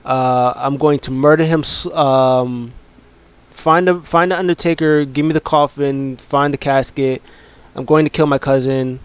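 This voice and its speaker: A man casually recapping a wrestling show, rambling with many ums and uhs and joking along the way. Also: fairly high pitch.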